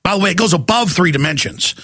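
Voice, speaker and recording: A man hosting a talk radio show, ranting angrily, often shouting at his listeners. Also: high voice, lively intonation, quick pace, husky. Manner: angry, shouting, accusatory. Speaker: radio host.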